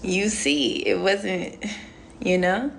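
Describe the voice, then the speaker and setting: A woman's voice: medium pitch, fairly even intonation, drawn-out words, gravelly, slight background noise. A young woman chatting casually on a phone livestream, answering viewer comments with lots of "um" and "like" in a playful, rambling way. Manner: chatty and playful, heavy on fillers like "um" and "like". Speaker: reality show contestant on a livestream.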